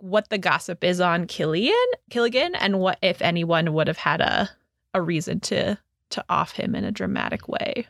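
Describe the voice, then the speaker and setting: A woman taking part in a tabletop game, talking through her choices with pauses and restarts. Her voice has a gravelly edge and rises and falls a lot, and the sound is dry and close. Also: on the low side, a bit bright, no room sound. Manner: hesitant, thinking aloud. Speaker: player. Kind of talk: casual tabletop play.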